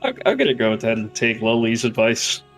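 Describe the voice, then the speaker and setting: A man's voice: mid-range voice, big pitch swings, brisk, a bit bright, faint music behind. A man playing a tabletop horror game, joking and wisecracking in casual chat. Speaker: player.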